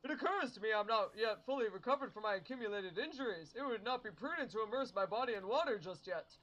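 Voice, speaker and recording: A woman voicing a pompous, theatrical gentleman inspector from a game, with grandiose, overly formal delivery. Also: on the high side, expressive, quick pace, dull audio.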